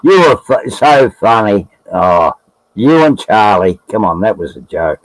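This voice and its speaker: An Australian man in loose live-stream banter, talking slowly in a low, gravelly voice. He is blunt and swears without a second thought. The sound is dry and close. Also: sing-song, no echo, poor audio. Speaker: livestream guest. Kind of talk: casual chat.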